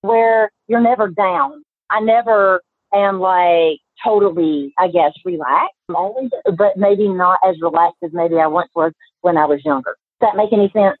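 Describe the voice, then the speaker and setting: A woman's voice: mid-range voice, moderate pace, slightly rough, dry recording. A woman talking as a podcast guest in a bubbly, friendly way. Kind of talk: casual interview chat. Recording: tinny phone-like line.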